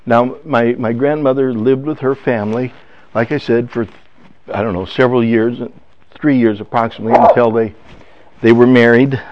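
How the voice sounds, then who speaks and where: Older man giving emotional halting testimony. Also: medium pitch, fairly even intonation, a little hiss or hum. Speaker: speaker. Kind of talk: personal testimony talk. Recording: dull lo-fi sound.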